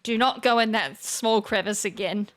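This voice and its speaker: A woman's voice: mid-range voice, normal speed, a bit bright. A woman hosting a gaming channel, chatting casually as she plays, thinking aloud, poking fun at her own mistakes and breaking into sudden exclamations. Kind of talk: casual let's-play commentary.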